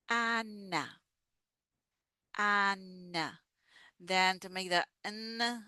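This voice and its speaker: A woman's voice: lowish voice, sharp tone, dry recording, clean studio sound. A woman teaching pronunciation, patiently saying each sound and word several times so learners can repeat. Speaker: language teacher. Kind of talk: slow pronunciation lesson.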